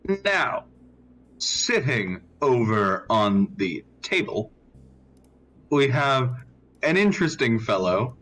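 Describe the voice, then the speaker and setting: A man acting as game master, setting scenes with lively, theatrical narration for the players. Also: medium pitch, takes it slowly, pauses often, a little hiss or hum.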